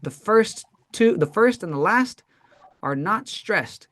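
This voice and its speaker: Slow patient english teacher in a classroom, keeps saying right?, models words carefully. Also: medium pitch, lively intonation, fairly bright tone. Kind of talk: classroom lesson.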